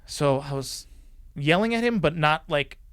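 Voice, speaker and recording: A former police officer, a man, telling a story as a podcast guest, animated and swearing freely as he acts out the people he quotes. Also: fairly high pitch, measured pace, clear, resonant tone, no echo, studio quality. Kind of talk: casual storytelling.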